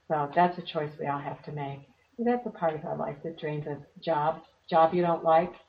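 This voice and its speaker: A woman teaching meditation in an earnest, conversational way, slightly hoarse from losing her voice. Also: low-pitched. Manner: earnest, plays out little voices in quotes. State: losing her voice, clearing throat. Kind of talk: relaxed conversational advice. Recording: distant, dull lo-fi sound.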